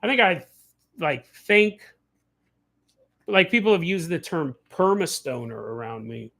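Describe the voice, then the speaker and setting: A man hosting a casual livestream, telling animated stories, acting out the people he quotes and laughing often. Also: fairly high pitch, unhurried, creaky. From California. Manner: laughs often mid-sentence. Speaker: podcast host.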